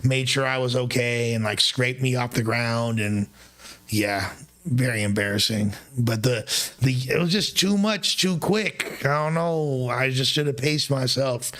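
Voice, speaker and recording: A young man telling a story on his livestream, his pitch sitting in an ordinary middle range. He talks in a loose, rambling way, full of slang and swearing. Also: a bit bright. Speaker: streamer.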